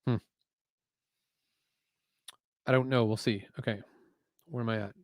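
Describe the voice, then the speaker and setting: A man's voice: mid-range voice, steady tone, fast, dry recording, studio quality. Chatty man on a building stream. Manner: chatty, muses aloud, reads chat messages. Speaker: LEGO building livestream host. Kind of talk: casual livestream chat while building. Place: home garage.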